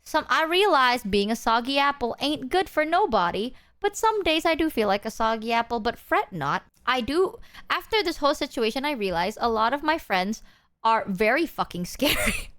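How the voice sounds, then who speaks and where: A woman's voice: sits high, sing-song, normal speed, a bit bright, clear, resonant tone. A young woman streamer chatting casually with her viewers, rambling and self-deprecating, swearing freely and acting out people she quotes. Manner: quotes people in exaggerated put-on voices.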